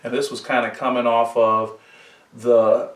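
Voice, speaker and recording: A man telling a story on a casual sports podcast, his voice at an ordinary middle pitch. He keeps asking himself rhetorical questions as he goes. The mic sits back from him in a roomy, echoing space. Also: little pitch movement, a little slow, far from the mic. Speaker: podcast host, sports psychology.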